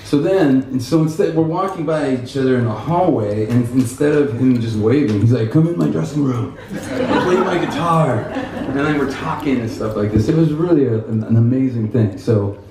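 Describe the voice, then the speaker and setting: A man giving a guitar clinic, telling animated stories to an audience with laughter and quoted voices. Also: medium pitch, moderate pace, hardly any pauses, noisy background. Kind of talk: casual storytelling to an audience. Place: music store clinic in front of an audience. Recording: echoey room, mic from a distance.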